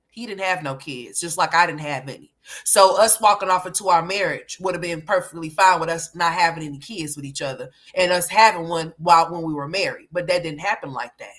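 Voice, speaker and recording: A woman's voice: lowish voice, a bit bright. A woman hosting casual commentary, candid and emphatic, often calling listeners honey. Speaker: commentary channel host.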